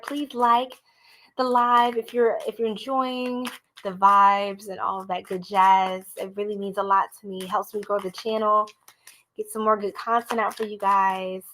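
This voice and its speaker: A woman's voice: fairly high pitch, slight background noise. A young American woman giving a live-streamed tarot reading, talking chattily and straight to her viewers. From United States. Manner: chatty, animated, talks straight to viewers as y'all. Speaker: tarot reader.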